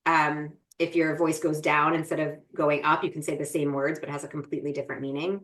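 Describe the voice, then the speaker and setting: A woman's voice: deep voice, level tone, fast, fairly bright tone. A woman co-hosting a parenting podcast, explaining ideas in a thoughtful, casual way and often checking in with "right?". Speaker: podcast co-host.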